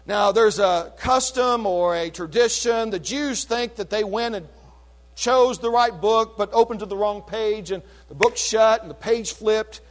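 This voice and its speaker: A man preaching a sermon, retelling a scripture story in an animated, chatty way with casual asides. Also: sits high, unhurried.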